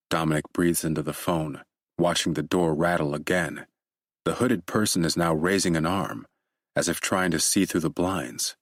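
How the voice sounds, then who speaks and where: A man narrating a thriller audiobook in a steady, measured way. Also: low voice, no room sound, clean studio sound.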